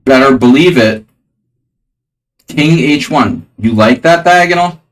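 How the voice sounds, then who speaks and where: A man's voice: medium pitch, lively intonation, unhurried, distant mic, rough recording. A man streaming chess, thinking aloud over his moves with dry, jokey asides. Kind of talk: live-stream chess commentary.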